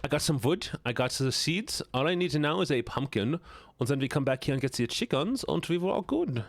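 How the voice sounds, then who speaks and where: Lively, playful male streamer. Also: a little high, a little fast, gravelly, no echo. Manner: playful and joking, laughs often, teases chat. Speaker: live streamer. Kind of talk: casual live-stream chat while gaming.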